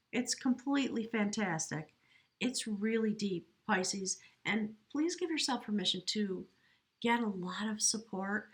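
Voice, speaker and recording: A woman giving an earnest, emotional tarot reading at home, talking slowly and reflectively, at times choked up. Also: mid-range voice. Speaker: tarot reader. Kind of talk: spiritual tarot reading to camera. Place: home, near a window.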